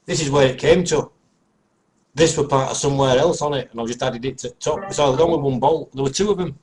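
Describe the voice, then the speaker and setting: A man's voice: medium pitch, fast, a little mellow, rough recording. A man chatting casually, explaining things in a matter-of-fact way. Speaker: live stream participant. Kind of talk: casual chat.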